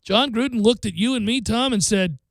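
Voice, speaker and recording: A man hosting a sports radio show, giving betting picks in a joking, animated way. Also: very high voice, a little fast, gravelly, no echo. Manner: animated, jokey, breaks into mock singing.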